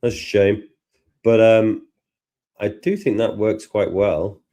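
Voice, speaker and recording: Low, slow-talking man with a Liverpool accent. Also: fairly even intonation, dark tone. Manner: chatty, thinks aloud while working. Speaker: tutor and host. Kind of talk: live software tutorial chat.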